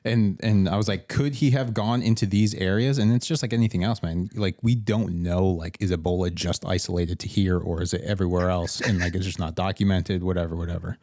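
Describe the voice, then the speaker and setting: A man's voice: low-pitched, level tone, brisk, hardly any pauses, mellow, no echo, studio quality. A man who works in emergency response, a podcast guest telling a rambling, profane story in casual chat. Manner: rambling, profane, restarts sentences.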